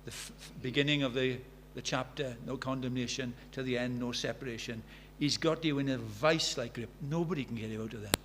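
A man's voice: mid-range voice, fairly even intonation, fairly quick, hardly any pauses, fairly bright tone. A man in his sixties preaches a sermon with a middle-range voice. He tells stories in an earnest way and builds to fervent emphasis. A faint hum runs under the recording. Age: 60s. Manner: earnest, rising to fervent emphasis, storytelling asides.

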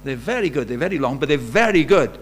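A man's voice: fairly high pitch, lively intonation, fast talker. A man preaching a sermon in a conversational way, asking the congregation rhetorical questions. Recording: faint mains hum.

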